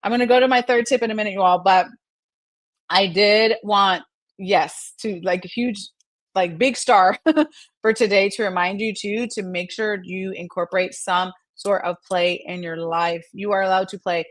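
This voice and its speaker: A woman's voice: medium pitch, steady tone, normal speed, no room sound. A middle-aged woman hosting a live mental health segment, chatting through viewer comments in an encouraging way and laughing often. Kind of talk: live-stream chat answering viewer comments.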